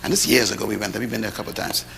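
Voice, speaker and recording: A middle-aged man preaching a sermon to an audience, lively, with rhetorical questions and humorous storytelling. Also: on the low side, racing, vocal fry, slight background noise. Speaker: pastor. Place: large hall with audience. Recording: echoey hall, faint ambience.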